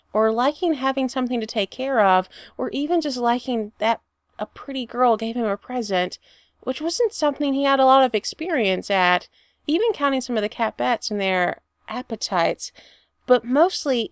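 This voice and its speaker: A woman reading a fan fiction story aloud with expressive storytelling. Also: on the high side, no echo, studio quality. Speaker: reader.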